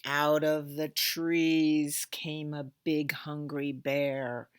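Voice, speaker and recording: A woman librarian reading a rhyming picture book aloud to children with lively expression. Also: low voice, very slow, slight background noise. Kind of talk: storytime read-aloud.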